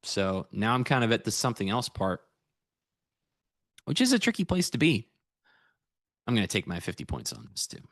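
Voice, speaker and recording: A man's voice: fairly low pitch, huge pitch swings, moderate pace, pauses often, dry recording, clean studio sound. An American man reviewing his trades on a casual livestream, rambling and easygoing as he chats with viewers. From United States. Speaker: futures trader streaming live.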